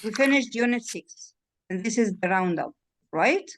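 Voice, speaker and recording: A woman's voice: mid-range voice, animated, moderate pace, fairly bright tone, slight background noise. A woman, a native Arabic speaker, tutoring in English over a video call, patiently drilling words and checking the student understood. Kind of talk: one-on-one online lesson.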